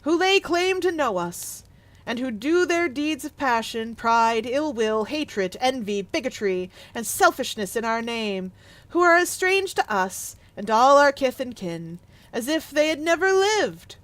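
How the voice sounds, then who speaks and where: A woman reading a story aloud, voicing a giant male Christmas ghost who speaks loudly and with emphasis. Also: high-pitched, very animated, measured pace, dry recording, full character voice. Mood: solemn. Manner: loud and emphatic.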